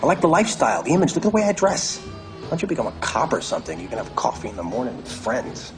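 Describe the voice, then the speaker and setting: A man's voice: mid-range voice, very animated, quick pace, soft background music, close to an everyday voice. An actor playing a cocky, brash lone hitman in film dialogue. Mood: scornful. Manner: brash, scornful.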